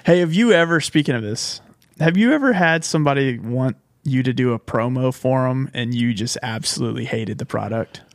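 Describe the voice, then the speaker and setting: A man's voice: medium pitch, fairly quick, no room sound. A man, a podcast host in casual chat, who teases his guest and steers the talk back on track.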